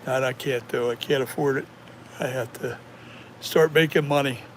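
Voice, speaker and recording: A man's voice: medium pitch, steady tone, moderate pace, slight background noise. A man who makes masks, chatting casually on a live stream, rambling as he reads and answers viewer comments. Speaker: mask maker streaming to viewers.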